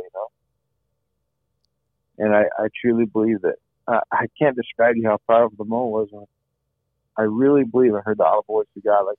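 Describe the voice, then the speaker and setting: A dry, phone-like recording carries a fairly low-pitched middle-aged man telling his own story as an interview guest. He is earnest, keeps repeating phrases, and leans on "you know."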